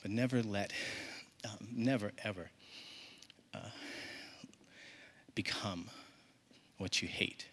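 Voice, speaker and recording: A man voicing a firm, wise mother giving her son solemn advice in a low, hushed tone, in a live stage reading. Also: slow, long pauses, exaggerated voice.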